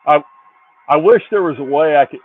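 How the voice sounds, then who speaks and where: A man's voice: fairly high pitch, fairly quick, breathy edge. A man chatting casually as a guest, telling stories with dry humor. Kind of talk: casual chat. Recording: tinny phone-like line.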